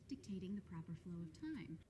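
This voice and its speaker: A woman's voice: lowish voice, sing-song, fairly quick, dark tone, husky, full character voice. An actress playing a stern, condescending female courtroom official from a television series who talks down to people in curt lines.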